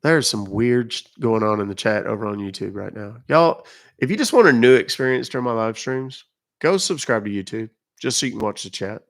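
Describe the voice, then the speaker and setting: A man's voice: lowish voice, lively intonation, brisk. A man hosting a live stream, chatting casually with viewers, reading out their comments and explaining phone and email rules. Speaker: livestream host.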